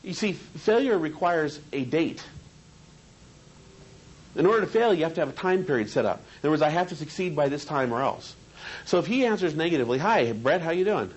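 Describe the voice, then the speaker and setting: A man's voice: on the high side, expressive, brisk, poor audio. A man teaching a seminar on hypnosis in a training room, talking conversationally and asking the group questions.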